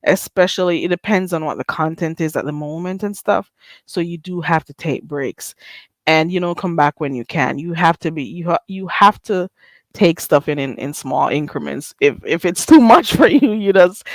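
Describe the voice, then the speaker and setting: A woman's voice: sits low, moderate pace, dry recording. Sassy, blunt woman streamer. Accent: Caribbean. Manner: blunt, sassy, rhetorical, reads chat names aloud. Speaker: channel host. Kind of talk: casual livestream chat.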